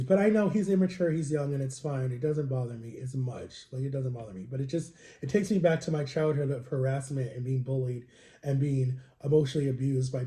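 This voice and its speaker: A man's voice: medium pitch, warm tone. A man rambling through a personal story in a casual vlog, in a confiding way. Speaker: vlogger. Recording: roomy, echoey home recording.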